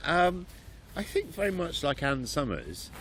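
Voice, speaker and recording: A man hosts an improv podcast and asks his questions in a playful, upbeat way. His pitch swings widely as he talks. A faint hiss of noise sits in the background. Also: very animated, a little slow, a bit bright. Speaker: podcast host. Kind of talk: casual interview.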